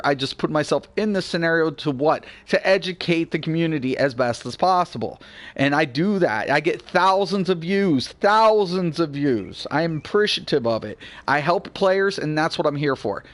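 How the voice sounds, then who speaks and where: A man in his forties hosting a gaming channel, ranting bluntly and swearing freely, swinging between low grumbling and loud excitement. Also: fairly quick. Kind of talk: casual gameplay rant.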